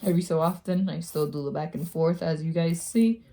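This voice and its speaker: Woman, low mellow voice, casual chatty how-to vlogger who pokes fun at herself. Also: steady tone, a little fast. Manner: chatty and self-mocking, laughs at herself. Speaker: beauty vlogger. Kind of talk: casual nail-care tutorial.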